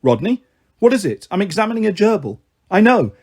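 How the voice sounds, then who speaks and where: A man's voice: high-pitched, very animated, a little fast, a little mellow, full character voice. A man voicing a self-important vet in a storybook, pompous and waffling.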